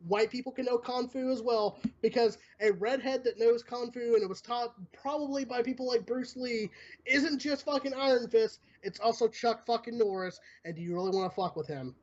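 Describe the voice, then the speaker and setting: A man's voice: very high-pitched, moderate pace. A man hosting a casual streamed talk show, ranting with lots of swearing. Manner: profane, ranting, animated. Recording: dull lo-fi stream audio.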